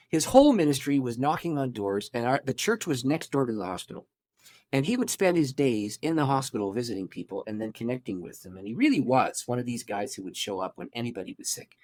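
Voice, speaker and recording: A man, a pastor, telling his life story in an interview, animated and acting out the people he quotes. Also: mid-range voice.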